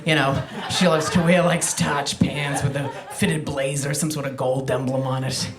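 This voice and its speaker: A woman from Massachusetts doing a chatty, self-deprecating stand-up set, full of quick asides and restarts. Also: sits low, fairly even intonation. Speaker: stand-up comedian. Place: comedy club stage with live audience. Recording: roomy club sound with crowd laughter. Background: audience laughter.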